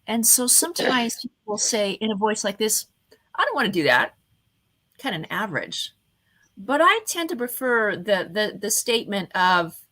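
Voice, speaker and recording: A woman hosting an online event and giving a motivational talk on communication, changing her voice often and slowing down on purpose, speaking into a webcam at her computer. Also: fairly high pitch. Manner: expressive, varies her voice often, slows down on purpose.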